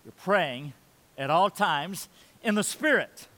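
Male pastor with a high voice, mid-sermon, swinging between loud and soft, long reverb from the church hall. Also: expressive, takes it slowly.

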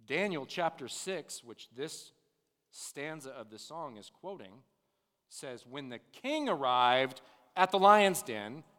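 A male pastor delivers a sermon with a lively, rising and falling voice, sitting a little high for a man. He moves from quiet, intimate passages to forceful bursts, and his words ring out with the long reverb of a large church. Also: slow pace. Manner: swings from hushed to loud, emphatic preaching.

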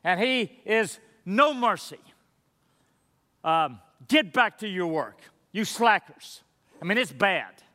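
A man preaching a sermon as pastor, earnest and emphatic, slowing down on key words. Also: sits high, sharp tone. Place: church sanctuary. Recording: long hall reverb.

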